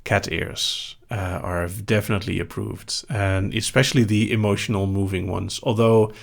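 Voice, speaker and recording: Calm gravelly Dutch man answering questions. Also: on the low side. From Netherlands. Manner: calm, unhurried, dry humor. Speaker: hypnosis show host. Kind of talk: live Q&A reading chat questions.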